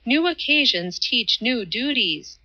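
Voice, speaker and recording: A woman's voice: medium pitch, lively intonation, moderate pace, bright, forceful tone, dull audio. Woman doing an airy, vague philosopher man. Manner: airy, vague, sing-song.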